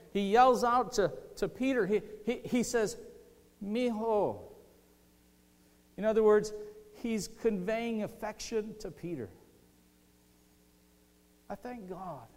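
A man preaching a sermon as pastor, impassioned, swinging between loud outbursts and hushed, tender lines. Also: high voice. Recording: reverberant hall.

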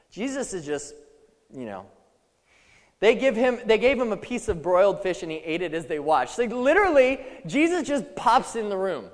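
A male preacher giving a sermon to a church, playful and animated, acting out the scripture story. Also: high voice. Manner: animated, playful, acts out the disciples and Jesus. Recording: long hall reverb.

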